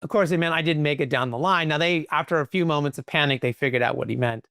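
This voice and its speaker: A man, a podcast guest, telling stories in a lively conversational way, full of "like" and "right?". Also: fairly high pitch, dry recording, studio quality. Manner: animated, quick, peppered with "like" and "right?". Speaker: podcast guest, company leader. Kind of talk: conversational storytelling.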